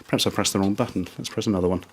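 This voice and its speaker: A man's voice: sits low, steady tone, very fast, very noisy. A man casually reviewing gadgets in a vlog, making dry, self-mocking asides.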